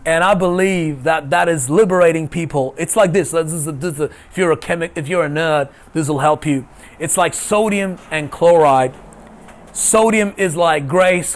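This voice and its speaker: A male pastor delivers an online sermon over a video call. His voice sits a little high for a man, and he leans into key lines, repeating them for emphasis.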